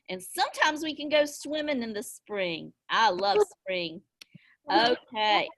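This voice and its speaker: A high-pitched woman teaches a class of young children over a video call. She takes her time, drawing words out in an encouraging sing-song. Little gasps of delight punctuate her questions. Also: a bit bright.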